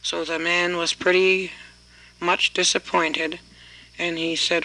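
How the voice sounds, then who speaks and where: Man, storyteller, folksy oral tale, repeats "he says", high bright voice. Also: little pitch movement, slow, rough recording. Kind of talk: oral folk tale telling.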